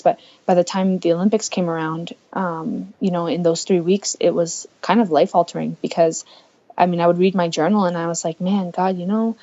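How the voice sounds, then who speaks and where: Young woman, podcast guest, earnest storytelling, lowish voice, dull lo-fi sound. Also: warm tone. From United States. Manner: earnest, voices her own past thoughts aloud. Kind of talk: candid personal storytelling.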